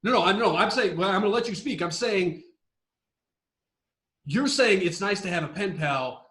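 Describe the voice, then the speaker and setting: A man co-hosting a podcast in casual chat, excitable and ranting, swearing often. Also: high voice, normal speed, echoey room. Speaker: podcast co-host.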